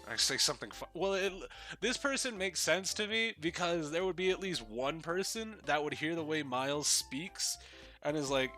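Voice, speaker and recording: A male streamer reacting live to a game, casual and profane, cracking jokes between lines. His voice is very bright and sharp, with faint music playing underneath. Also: fairly high pitch, lively intonation, normal speed.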